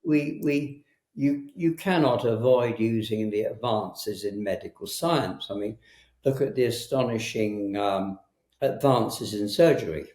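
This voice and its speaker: A man talking as a guest in a conversational interview, hesitant and full of pauses and restarts. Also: lowish voice, darkish tone. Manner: hesitant, frequent ums and restarts. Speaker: herbalist guest. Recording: roomy echo.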